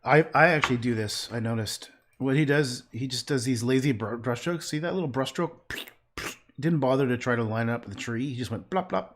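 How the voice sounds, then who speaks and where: A man's voice: mid-range voice, moderate pace. A man painting and chatting casually on a livestream, rambling and trailing off into muttered asides.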